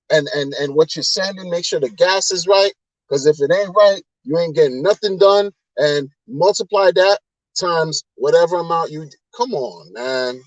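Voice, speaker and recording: A man's voice: fairly high pitch, no echo, lo-fi sound. A man hosting a casual livestream, talking in a rambling, repetitive way and sounding exasperated as he rants to viewers. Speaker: crypto livestream host.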